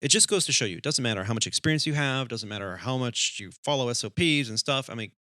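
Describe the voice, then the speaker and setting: Talking fast in a mid-range voice, an airline pilot who co-hosts an aviation podcast recounts a cockpit story in casual chat. He's animated, acting out the voices in his tale. The audio is clean studio sound with no room sound.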